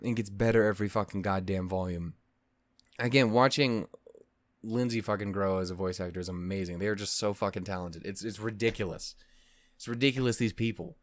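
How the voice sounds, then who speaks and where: A man's voice: fairly low pitch, brisk, no echo. A man giving emotional, profanity-heavy reaction commentary that rambles with frequent restarts. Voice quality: voice actor's expressive delivery. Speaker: reaction video host.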